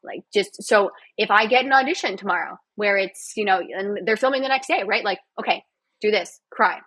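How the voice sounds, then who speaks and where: A woman's voice: medium pitch, fairly quick, a bit bright, no echo, rough recording. A woman guest on a podcast, chatting casually with a sarcastic, jokey manner and frequent laughs. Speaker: guest, physiotherapist and actor.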